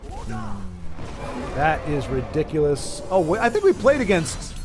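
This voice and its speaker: A man's voice: on the high side, wildly swooping pitch, slow, over music. A man from the United States hosting a game stream, chatting casually in a rambling, joking, self-mocking way. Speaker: stream host. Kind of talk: casual chat over gameplay.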